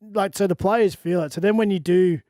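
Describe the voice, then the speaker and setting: A man's voice: high voice, steady tone, moderate pace, warm tone, no room sound. A man, a former rugby league player, speaking thoughtfully on a radio sports panel. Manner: reflective, thoughtful.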